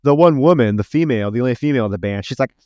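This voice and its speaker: Animated man retelling a horror film. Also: mid-range voice, very fast, smooth, no echo, muffled recording. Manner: animated retelling, acting out film lines, swears. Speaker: podcast co-host. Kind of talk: casual movie review chat.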